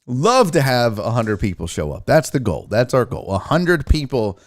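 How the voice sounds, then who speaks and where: A man hosting a sports livestream, talking casually and firing off quick shout-outs to viewers in the chat. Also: medium pitch, wildly swooping pitch. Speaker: sports show host.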